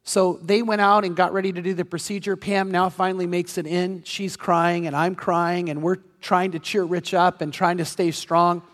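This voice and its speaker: A man with a notably high, light voice preaches a sermon, telling a personal story in an earnest way and driving his points home through repetition. His voice rings out with a long, lingering reverb, as in a large church sanctuary. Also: little pitch movement, normal speed, few pauses, a bit bright. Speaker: pastor.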